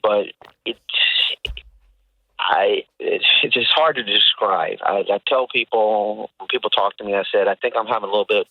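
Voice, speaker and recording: A man calls in to an advice show, his voice a little low. He speaks haltingly and restarts his sentences often. The call comes through a tinny phone line and sounds dry. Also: no echo. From southern Louisiana. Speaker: caller.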